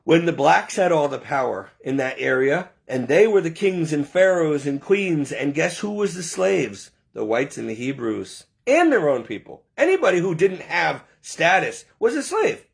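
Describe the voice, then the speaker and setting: A man's voice: fairly high pitch, very animated, moderate pace, creaky, few pauses. A man delivering an impassioned, preachy monologue, indignant and full of rhetorical questions.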